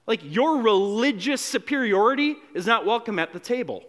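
A pastor preaching a sermon, animated, acting out the quotes he reads and dropping from loud to hushed, often repeating words as he restarts. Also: high voice, moderate pace, hardly any pauses.

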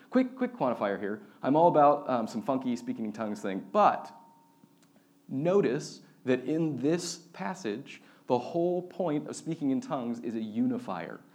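Young guy preaching, laid back and chatty, uses lots of fillers, middle pitch. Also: darkish tone. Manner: casual and conversational, with filler words. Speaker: pastor. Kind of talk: sermon.

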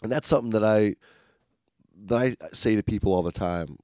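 A man's voice: lowish voice, fairly quick, a little mellow, no echo, clean studio sound. A man co-hosting a podcast in casual chat, rambling and upbeat with lots of fillers and restarts. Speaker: podcast co-host.

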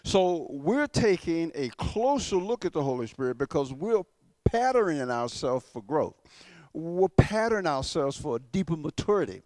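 A male pastor preaching a sermon to his church, emphatic and slowing down to stress key words, often repeating and restarting. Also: a little high, sing-song, darkish tone, no room sound.

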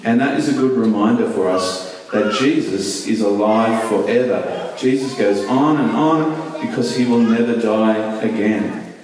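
A man giving a children's talk in church, asking questions and telling the story with lively energy. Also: on the low side, a little slow, a crowd in the background. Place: large church hall. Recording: echoey hall, mic at a distance.

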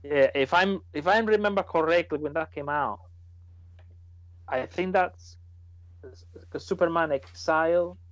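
A man's voice: fairly high pitch, no room sound. Guy in a comic chat, laid back, kinda muffled recording. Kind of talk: casual chat. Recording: slightly dull lo-fi sound.

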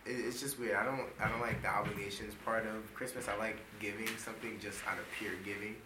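A man's voice: on the low side, level tone, quick pace. A young man in casual group chat, musing hesitantly with many fillers. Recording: echoey room, faint noise.

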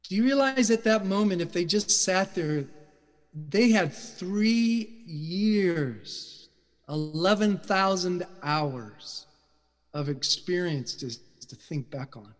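A middle-aged man preaching a sermon in a church, passionate, loud and emphatic. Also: high voice, lively intonation, slow. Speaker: guest speaker. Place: church sanctuary. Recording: reverberant church hall.

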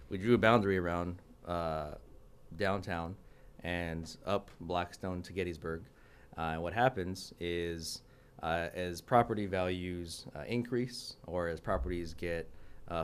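A young man with a very low, smooth and resonant voice, speaking as a city council member in a radio studio. He explains civic funding earnestly, full of "um"s and quick restarts. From California. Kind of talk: radio interview.

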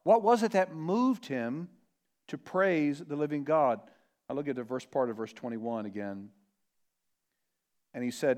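A man's voice: mid-range voice, a little mellow. Earnest male pastor preaching. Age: adult parent. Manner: earnest, emphatic, slows down on key words. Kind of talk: sermon.

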